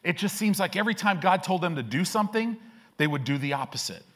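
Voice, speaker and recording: A man preaching a sermon in a church with a higher-pitched voice. He preaches with fervor, pushing his voice up into loud, emphatic peaks and then dropping back down. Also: lively intonation, fast. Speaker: pastor. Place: church sanctuary.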